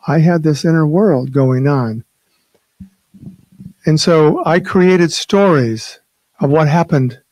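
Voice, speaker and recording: A man's voice: medium pitch, dark tone, no echo. An older man giving a reflective personal talk at a spiritual open mic, speaking hesitantly with restarts.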